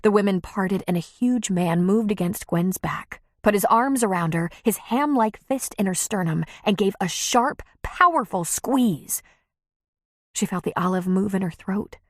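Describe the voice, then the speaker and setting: A woman narrating an audiobook in an expressive, measured reading. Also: mid-range voice, no room sound, clean studio sound. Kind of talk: scripted narration.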